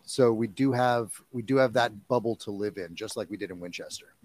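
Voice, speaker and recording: A man's voice: fairly low pitch, brisk, darkish tone. A man who is a voice-actor guest on a podcast, talking casually and agreeing eagerly. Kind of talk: casual chat.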